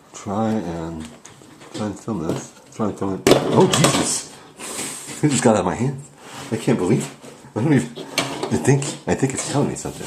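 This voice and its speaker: A man's voice: deep voice, roomy sound, noisy background. A man hosting a spoof paranormal investigation, rambling and faking panic and awe. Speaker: host of a mock paranormal investigation. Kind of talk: comic mock-serious ghost hunting.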